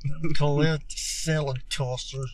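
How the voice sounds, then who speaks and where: A man's voice: a little high, level tone, a little slow, a little hiss or hum. A man co-hosting a podcast, goofing around in casual chat and riffing on silly made-up names. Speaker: podcast co-host.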